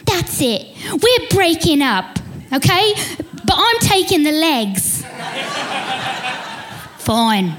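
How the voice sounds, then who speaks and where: A man voicing Gollum, a twisted creature with a split mind who bickers with himself in drawn-out, hissing words. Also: very high voice, very animated, a bit bright, heavily acted. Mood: bickering. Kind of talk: comedic parody voice acting.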